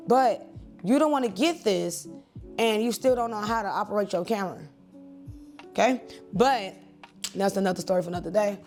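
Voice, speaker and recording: A woman in her thirties, a church and wedding photographer, chatting to camera at home in a lively, rambling way. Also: medium pitch, normal speed, pauses often, soft background music. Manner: chatty, animated, digressive. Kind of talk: casual talk to camera.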